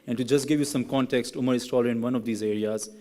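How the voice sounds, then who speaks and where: At a podium in a large, echoing hall, a graduating young man gives his ceremony speech quickly, in a medium-pitched, slightly mellow voice with fairly even intonation. He opens earnestly and later teases his classmates in a playful way.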